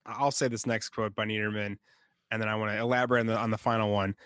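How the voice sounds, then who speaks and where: A man's voice: fairly low pitch, level tone, quick pace, a bit bright, clean tone, no echo. A man co-hosting a podcast, chatting casually and chuckling often as he recalls scenes. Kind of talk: casual chat.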